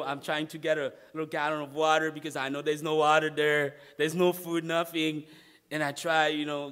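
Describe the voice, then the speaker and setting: A man, a pastor, telling a personal story in a sermon and acting out the conversations. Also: fairly high pitch. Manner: animated storyteller, acts out dialogue, repeats 'man'.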